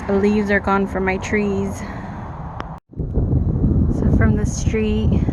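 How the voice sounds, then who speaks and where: Slow-talking exasperated woman outdoors. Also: medium pitch. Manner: frank and exasperated, swears freely. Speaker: vlogger. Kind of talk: casual vlog monologue. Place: outdoors at a rural home, in the yard. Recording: faint wind and outdoor noise.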